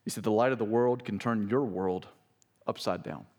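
A man's voice: normal speed, a little mellow, husky. A man, a pastor, preaching a sermon. He reads scripture aloud with rising emphasis and breaks in with asides to his congregation. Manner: preaching, rises in pitch and volume when reading scripture aloud; talks straight to the congregation with asides like "listen".

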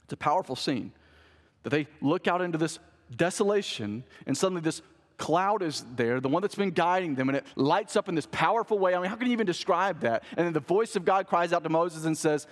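A pastor preaches from the pulpit in a fairly high voice, and his sermon is animated and punctuated with rhetorical questions. He is a man speaking in a church sanctuary, where his voice rings out with a long, lingering reverb. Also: fairly quick.

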